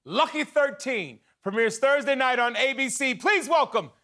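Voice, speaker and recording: A man's voice: extremely high pitch, normal speed, bright, forceful tone. A man hosting a late-night talk show, introducing a guest and interviewing her in a playful, teasing way.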